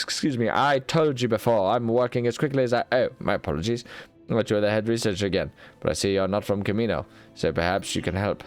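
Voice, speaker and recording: A man's voice: on the low side, fairly quick, no room sound, soft background music. A man hosting a casual let's-play, rambling and joking at his own expense while sleepy and yawning. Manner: rambling, jokey and self-mocking. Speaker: gaming video host.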